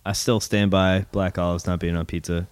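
A man's voice: deep voice, flat delivery, normal speed, clean tone, no echo. A man chatting easygoingly with friends on a podcast. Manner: easygoing, chatty about food preferences. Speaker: podcast guest. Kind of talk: casual chat among friends.

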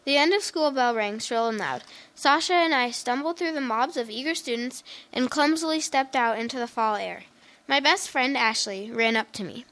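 High-voiced woman reading a story. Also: moderate pace, a bit bright. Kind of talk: first-person story reading.

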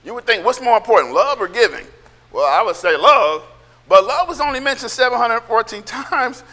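Male pastor preaching, loud and nearly yelling, with a bright and very high voice. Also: lively intonation, normal speed, in a large hall. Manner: loud, emphatic, sounds like yelling; calls for amens from the congregation. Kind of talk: sermon.

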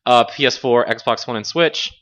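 A man's voice: mid-range voice, moderate pace, lo-fi sound, a crowd in the background. A man hosting a casual gaming podcast, laid-back, laughing often as he reads through lists. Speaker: podcast host. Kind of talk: casual chat.

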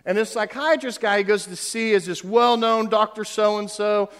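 Male pastor, higher-pitched voice, chatty sermon delivery with stumbles and asides, big echoing sanctuary sound. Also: steady tone, moderate pace, a bit bright, clean tone. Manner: conversational preaching, frequent repeated words and asides. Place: church sanctuary. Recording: long hall reverb.

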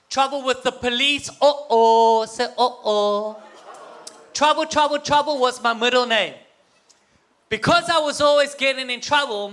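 A man's voice: very high-pitched, sharp tone. A man with a South African accent telling a humorous personal story to an audience, getting the crowd to call back. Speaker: guest speaker.

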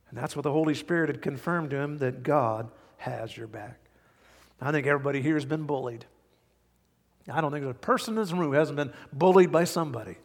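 A middle-aged male pastor preaching a sermon, telling stories with big swings from hushed to loud. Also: fairly high pitch, moderate pace. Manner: animated storytelling, swings from quiet to loud. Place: large church hall. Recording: hall reverb.

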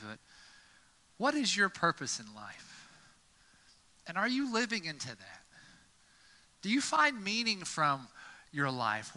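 A man's voice: fairly high pitch, bright, forceful tone. A man preaching as pastor in a folksy, conversational way, with easy fillers and stories. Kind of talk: sermon. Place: church sanctuary. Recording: long church hall reverb.

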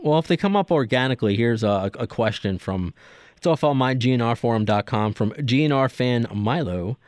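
A man's voice: mid-range voice, a little fast, a little mellow, dry recording. A man hosting a casual podcast interview, asking long, rambling questions with many restarts. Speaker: podcast host.

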